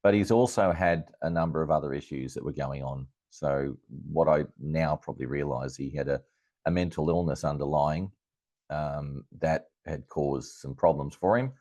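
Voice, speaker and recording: A middle-aged Australian man, an astrologer guest in an interview, telling a personal story in a lively anecdotal way with plenty of fillers and restarts. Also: rumbling low, moderate pace, no echo.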